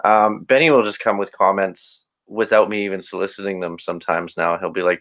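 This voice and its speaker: A man with a somewhat low voice talks through personal matters on a podcast. He sounds reflective and open. He often restarts his sentences as he works out what he wants to say. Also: steady tone, brisk, few pauses, fairly bright tone. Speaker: podcast guest. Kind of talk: casual interview chat.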